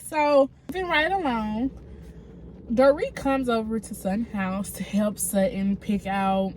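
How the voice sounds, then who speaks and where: A woman's voice: a little high, measured pace, a little hiss or hum. A woman with a cold, congested, giving a chatty, frank recap of a reality show and talking straight to her viewers. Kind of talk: casual recap commentary.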